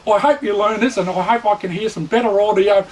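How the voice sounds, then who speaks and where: A high-voiced Australian man lectures with dry, mocking sarcasm, talking down to his imagined students in a satirical comedy bit. The room is echoey, with a faint hiss underneath. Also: fairly quick. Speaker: mock instructor.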